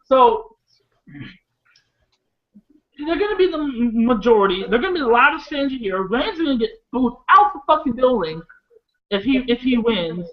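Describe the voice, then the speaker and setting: A man's voice: extremely high pitch, normal speed, long pauses, phone-quality sound. A man from Iowa co-hosting a casual wrestling chat, rambling and swearing freely as he goes off topic. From Iowa, USA. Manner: rambling, profane, excitable. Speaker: wrestling show co-host.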